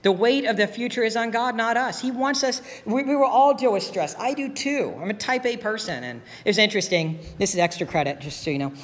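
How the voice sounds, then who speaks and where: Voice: medium pitch, brisk, hardly any pauses. Pastor preaching, chatty but earnest, keeps repeating the main point, long echo in a church hall. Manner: earnest, conversational, repeats key phrases. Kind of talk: sermon.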